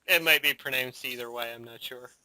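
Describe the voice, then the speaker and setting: A man's voice: mid-range voice, fairly quick, bright, forceful tone, dry recording. A man co-hosting a podcast in casual chat, laughing often and filling gaps with agreeing murmurs. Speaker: podcast co-host.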